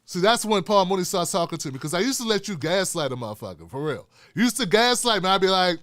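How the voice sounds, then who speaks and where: High-voiced man ranting profanely. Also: quick pace, hardly any pauses, dry recording, studio quality. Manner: profane, animated storytelling. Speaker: host. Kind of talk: political commentary rant.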